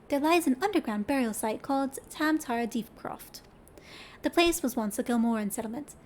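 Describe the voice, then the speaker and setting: Woman reading as stern male commander, formal, earnest, high-pitched read, video game dialogue. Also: close to an everyday voice.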